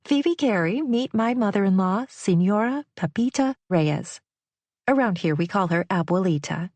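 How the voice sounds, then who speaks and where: A woman's voice: mid-range voice, lively intonation, moderate pace, no room sound, close to an everyday voice. A woman voicing a cheerful, motherly middle-aged host who chirps along. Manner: bright, chirpy.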